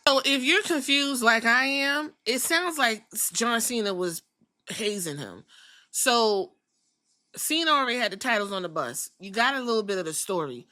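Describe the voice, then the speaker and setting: A woman's voice: on the high side, lively intonation, moderate pace, bright, forceful tone, no room sound. A woman hosting a podcast, recapping a story in blunt, profane, incredulous casual commentary. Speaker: podcast host.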